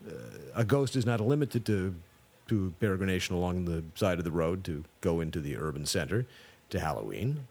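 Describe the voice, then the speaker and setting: A man's voice: low voice, expressive, brisk, darkish tone, breathy edge. A middle-aged man hosting a radio show, talking in a dry, wordy way full of wry humor and bad puns. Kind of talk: scripted comic radio monologue.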